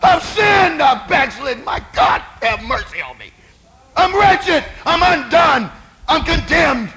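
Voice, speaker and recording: A man's voice: extremely high pitch, very animated, takes it slowly, a faint crowd, pitched above the performer's own voice, exaggerated voice. A man voicing a grief-stricken male disciple who pleads and cries out in remorse. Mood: anguished pleading. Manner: shouting, pleading, crying out.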